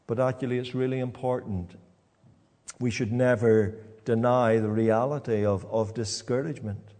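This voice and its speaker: A man preaching a sermon in a church, halting and repeating words as he talks. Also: mid-range voice, steady tone, a little mellow, big-room sound.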